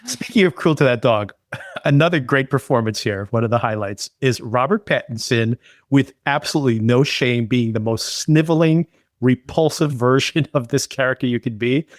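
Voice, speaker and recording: A man's voice: medium pitch, moderate pace, no echo, clean studio sound. A man co-hosting a podcast, enthusiastically reviewing a film in casual chat, rambling with lots of fillers. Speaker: podcast co-host.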